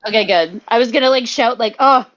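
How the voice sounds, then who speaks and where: A woman's voice: on the high side, quick pace, lo-fi sound. A woman playing a tabletop game, casual and giggly, swearing freely. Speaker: player.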